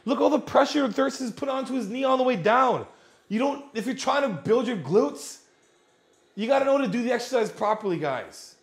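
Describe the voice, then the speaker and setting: Brief: male fitness coach, high for a man, blunt and exasperated, swears casually, roomy echo. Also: lively intonation, brisk, vocal fry. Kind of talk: fitness critique commentary.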